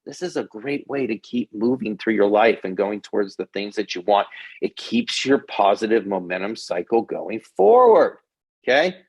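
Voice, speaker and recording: Middle-aged guy, gravelly and a bit husky, pumping kids up about confidence, lots of "okay?". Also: on the low side, normal speed. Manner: energetic, repeats "okay?" often. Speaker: kids' confidence coach. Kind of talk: motivational talk to kids.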